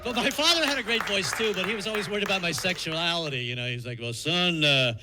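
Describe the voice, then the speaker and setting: A man's voice: high voice, animated, fast, crowd noise. An older man from the American South doing a stand-up set, wry and self-mocking. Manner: wry, self-mocking punchlines with many character voices. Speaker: stand-up comedian. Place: comedy club stage. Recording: noisy live club recording.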